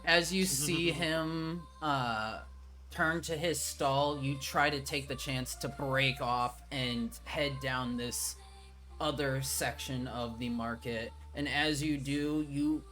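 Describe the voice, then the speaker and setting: Game master man, unhurried descriptive narration, soft music beneath. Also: fairly high pitch.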